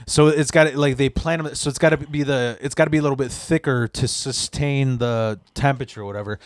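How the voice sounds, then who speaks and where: A man's voice: mid-range voice, steady tone, fairly quick, dry recording. Profane rambling male storyteller. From Chicago area. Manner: profane, rambling with many restarts. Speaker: podcast guest. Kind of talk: casual storytelling.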